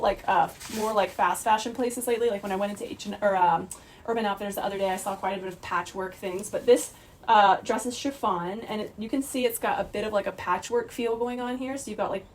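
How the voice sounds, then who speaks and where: A woman's voice: mid-range voice, a little hiss or hum. A woman, chatting casually and bubbly through a clothing try-on haul, full of "like" and "sort of" fillers. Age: 30s. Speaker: fashion vlogger.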